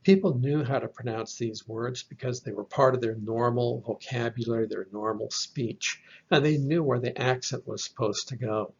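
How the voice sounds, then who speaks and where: A man teaching a class from slides, speaking slowly and carefully and spelling out letters one by one. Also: mid-range voice, darkish tone, slightly rough. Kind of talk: slide lecture on Greek. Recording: dull lo-fi recording.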